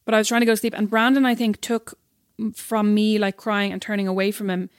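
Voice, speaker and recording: Quick-talking teasing woman. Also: mid-range voice, flat delivery, no echo, clean studio sound. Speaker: co-host. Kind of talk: casual chat.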